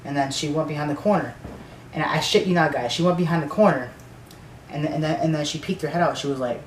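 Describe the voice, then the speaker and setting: A man's voice: a little high, fast, slight background noise. Man, casual storytime rant, profane, rambling, echoey room, distant mic. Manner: rambling, profane, full of "like" and restarts. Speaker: vlogger telling a story.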